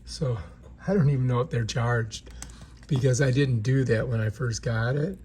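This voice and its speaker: A man's voice: medium pitch, normal speed, darkish tone, a little hiss or hum. A man giving a casual, chatty product demonstration in an indoor room, often checking in with the viewer. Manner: chatty, keeps checking in with "right?". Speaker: product reviewer.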